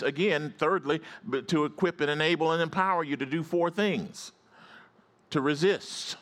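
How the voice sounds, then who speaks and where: A man preaching a sermon, telling stories and calling on the congregation to answer back, swinging from low storytelling to high rising exclamations. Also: fairly bright tone. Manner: repetitive, call-and-response preaching.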